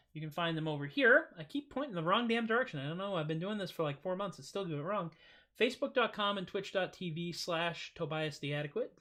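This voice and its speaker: A man's voice: sits high, bright, forceful tone. A middle-aged man hosting a casual livestream, rambling and joking through his thanks and plugs with plenty of fillers. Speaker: livestream host.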